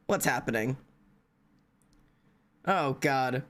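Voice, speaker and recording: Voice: medium pitch, normal speed. A tired streamer, chatting casually on a live stream, rambling, joking and swearing a lot. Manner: profane, rambling, jokey.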